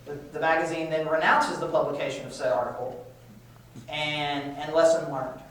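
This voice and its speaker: Guy lecturing a class, kinda highish voice, lots of restarts, super echoey room, mic far off. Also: steady tone, moderate pace, a bit bright. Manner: conversational, with frequent restarts and repetitions.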